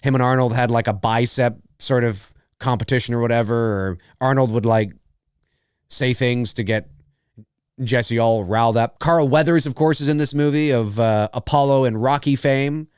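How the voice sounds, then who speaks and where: A man's voice: medium pitch, normal speed, darkish tone, clear, resonant tone, no echo, clean studio sound. A man hosting a live movie commentary, talking casually in a rambling, chatty way, laughing often and swearing freely.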